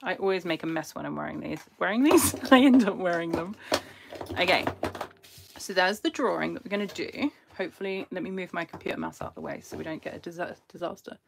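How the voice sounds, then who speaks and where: A woman who hosts an art channel runs a casual drawing livestream, talking close to the phone she's using as a camera. Her voice is on the low side, expressive and creaky, and she speaks quickly in a chatty, self-deprecating way. There's background noise.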